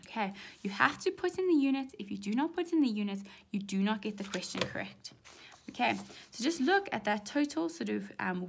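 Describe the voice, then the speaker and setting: A woman's voice: medium pitch, creaky, slightly rough. A young woman with a South African English accent, talking through an exam question as a maths teacher in a chatty way, often checking in with "right?". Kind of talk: exam walkthrough lesson.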